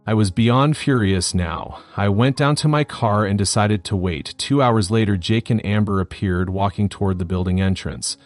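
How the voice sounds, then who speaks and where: A man narrating a scripted first-person story in a steady, matter-of-fact way. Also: fairly low pitch, moderate pace, hardly any pauses, no room sound, faint music behind.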